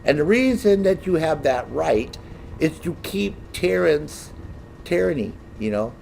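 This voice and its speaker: A middle-aged man ranting casually with a lot of profanity, in a lively, mocking storytelling way. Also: a little high, unhurried, gravelly, a little hiss or hum. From United States. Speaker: gaming streamer.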